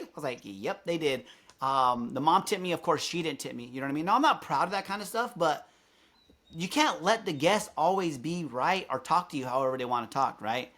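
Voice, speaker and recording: A man's voice: on the high side, a little fast. A man, a podcast guest, telling a story in casual chat, swearing freely and acting out the people he quotes. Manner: animated, swears freely, acts out quoted lines.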